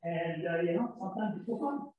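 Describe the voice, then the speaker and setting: A man's voice: high voice, animated, a little fast, narrow, tinny audio. A man giving a playful, rambling classroom lecture, quizzing his listeners and telling jokes. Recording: echoey room, mic far off.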